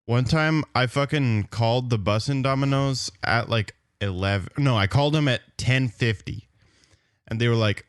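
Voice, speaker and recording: A man's voice: mid-range voice, moderate pace, clean tone, dry recording. Young man, dry close sound, laid-back profane storyteller on a podcast. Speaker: podcast co-host. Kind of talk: casual podcast chat.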